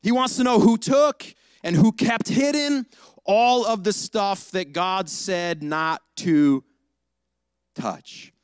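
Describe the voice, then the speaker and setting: Lively man preaching, smooth clear voice. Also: high voice, takes it slowly, dry recording. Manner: animated storytelling, acts out dialogue, slangy. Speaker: pastor. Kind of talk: casual sermon.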